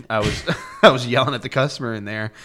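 A man's voice: medium pitch, brisk, a little hiss or hum. A young man, a podcast guest, telling casual stories with lots of fillers and swearing. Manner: animated, profane, full of filler words. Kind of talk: casual storytelling.

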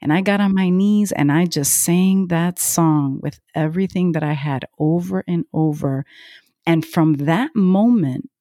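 A woman interviews a guest about faith, affirming her and sharing her own story. Her voice is low and mellow and she speaks slowly. It is recorded dry and close. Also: no room sound. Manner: warm encouraging, affirms with amens.

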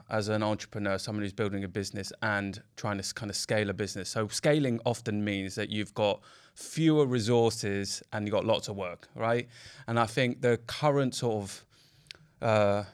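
A British man, a founder and podcast co-host, talking in casual chat and working through his thoughts with pauses. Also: lowish voice, smooth. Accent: British English. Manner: thoughtful, hesitant when explaining.

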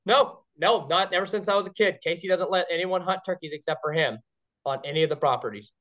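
A man, a guest on a podcast, telling stories in an excited, rambling way with many restarts. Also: high-pitched, fast talker. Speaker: guest, game caller. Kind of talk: casual podcast chat. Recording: dull lo-fi sound.

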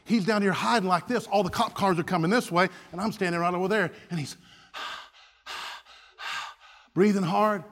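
A man's voice: high voice, fast talker, few pauses, fairly bright tone. A man preaching a sermon, telling a funny story with many restarts. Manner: humorous storytelling with frequent restarts. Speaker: pastor. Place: church sanctuary. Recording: church hall reverb.

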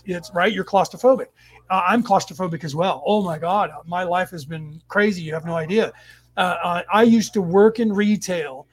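A middle-aged man with a fairly high voice tells a long personal story in a loose, casual way. He keeps stopping and restarting and wanders off into asides. It sounds like a host talking to his class. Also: no echo. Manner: rambling, with many restarts and asides. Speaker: host of a spiritual study class.

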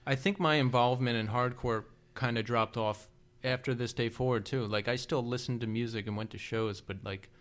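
A man's voice: mid-range voice, steady tone, fairly quick, hardly any pauses, a bit bright. Male podcast co-host, forties, medium voice, chatty, laughs a lot, asks questions. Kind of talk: casual chat.

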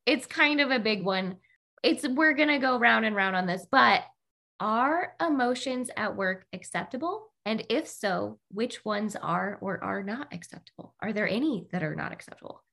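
A woman's voice: a little high, moderate pace, gravelly. A woman hosting a casual workplace podcast, telling stories and acting out what people said. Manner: animated storyteller, acts out quotes. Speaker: podcast host.

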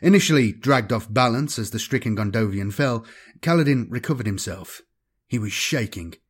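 A man reads a science-fiction novel aloud as its narrator. His voice sits at a middling pitch, and his delivery is measured and dramatic, the steady pacing of a scripted reading. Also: slightly rough. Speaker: audiobook narrator.

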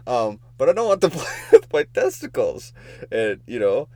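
A man's voice: mid-range voice, sing-song, normal speed, darkish tone, no room sound. A man co-hosting a casual podcast, trading crude jokes and laughing often. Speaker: podcast co-host. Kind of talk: casual joking chat.

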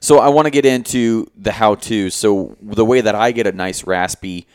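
Laid-back man with a low voice. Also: normal speed, darkish tone, smooth, dry recording, studio quality. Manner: laid-back, hesitant, many ums and restarts. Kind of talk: casual chat.

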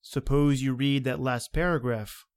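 An actor playing a suave, mysterious male villain in a radio drama, smooth and measured. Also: mid-range voice, fairly even intonation, natural voice. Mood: suave menace. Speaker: Harvey Kerrigan. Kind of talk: 1930s radio drama acting.

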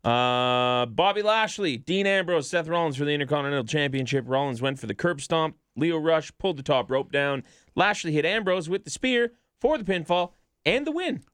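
A man hosting a podcast, recapping matches in a steady, matter-of-fact casual chat with fillers. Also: a little high, normal speed, clean tone, no echo, studio quality. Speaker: podcast host.

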